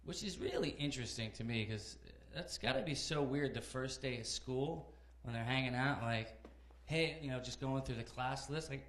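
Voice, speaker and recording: A man in his thirties doing a conversational stand-up set in a comedy club, animated storytelling with acted-out characters. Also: mid-range voice, normal speed, roomy sound. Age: 30s. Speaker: stand-up comic.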